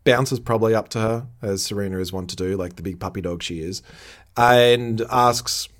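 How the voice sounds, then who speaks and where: A man's voice: on the low side, moderate pace. A man co-hosting a casual podcast, recapping a TV episode with lots of laughter and playful mock indignation. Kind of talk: casual chat.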